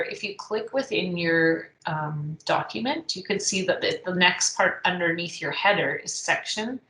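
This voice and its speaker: A woman teaching a software tutorial, thinking aloud as she clicks through the steps, with frequent ums. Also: fairly low pitch. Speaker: instructor. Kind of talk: screen-recorded software tutorial. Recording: echoey room.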